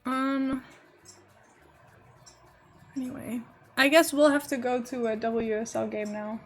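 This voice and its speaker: A woman's voice: fairly high pitch, moderate pace, soft background music. A young adult woman streaming, chatting casually and giggling as she rambles to her viewers while she builds. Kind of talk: casual live-stream chat.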